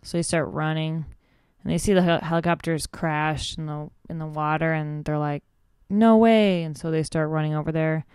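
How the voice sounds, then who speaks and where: A woman's voice: low voice, monotone, brisk, clean tone, no echo. A woman guest-hosting a podcast, giving a flippant, rambling comic recap of a cartoon episode, full of "like".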